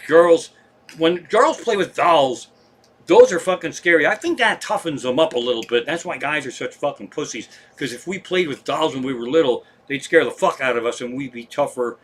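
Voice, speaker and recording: A man's voice: on the high side, moderate pace. A man hosting a comedy live stream from home, telling rambling, profane stories in casual chat.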